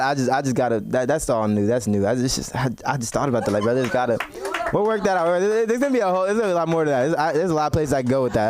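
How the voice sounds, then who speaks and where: A young man doing an open mic stand-up set, rambling and swearing a lot. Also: sits high. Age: young adult. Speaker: stand-up comedian. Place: comedy club stage. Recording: noisy live club recording.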